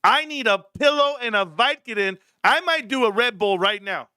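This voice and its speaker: Excitable man with a bright, dry voice. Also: extremely high pitch, normal speed, smooth, no room sound. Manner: excitable and animated, swearing often. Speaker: livestream host. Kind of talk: casual livestream chat.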